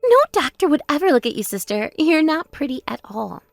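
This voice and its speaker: A woman plays a spoiled, gloating younger sister in a text-message story drama. Her voice sits high and leaps about as she taunts and boasts. The sound is dry with faint music underneath. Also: big pitch swings, brisk, vocal fry, dry recording, heavily acted.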